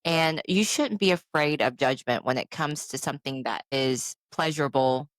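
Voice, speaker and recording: A woman's voice: low-pitched, moderate pace, no echo. A woman in her forties co-hosting a podcast, talking candidly and animatedly, telling stories with frequent "I'm like" asides. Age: 40s. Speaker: podcast co-host. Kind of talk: candid casual chat.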